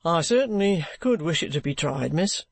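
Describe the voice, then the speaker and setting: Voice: mid-range voice, lively intonation, moderate pace, creaky, no echo. A reader voicing a bluff former soldier who is under arrest and speaks plainly, politely and stubbornly. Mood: firm.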